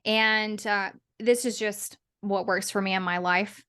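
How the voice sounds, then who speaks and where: A woman's voice: mid-range voice, steady tone, measured pace, fairly bright tone, clean tone. A woman guest in a casual interview, talking in a chatty, rambling way with frequent restarts and small laughs. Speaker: guest, business owner and podcaster.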